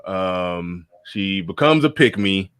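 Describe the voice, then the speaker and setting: A man hosting a podcast, talking in a relaxed way and repeating his words. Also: deep voice, very slow, smooth, no room sound. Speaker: host. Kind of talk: casual podcast chat.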